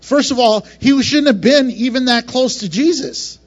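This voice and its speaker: A man with a high voice preaches with passion, swinging from soft, low moments to bright, raised ones and tossing in playful acted asides. The sound is muffled and lo-fi. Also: moderate pace. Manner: passionate, varied delivery with laughs and acted asides. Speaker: pastor. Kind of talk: sermon.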